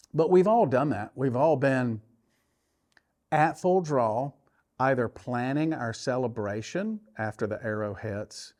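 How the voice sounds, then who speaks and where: Male archery coach, mid-range voice, animated storyteller who acts out his inner voice. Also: medium pitch. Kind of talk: tournament story and coaching talk.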